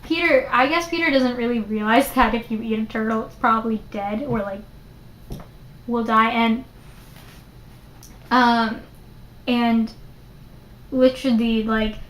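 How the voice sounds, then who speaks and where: Young woman, bright higher voice, chatty vlog reviewer, loose and animated, lots of "like". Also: unhurried, pauses often, a little hiss or hum. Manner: chatty, many "like" fillers, animated retelling. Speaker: book reviewer. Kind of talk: casual book review vlog. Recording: roomy echo.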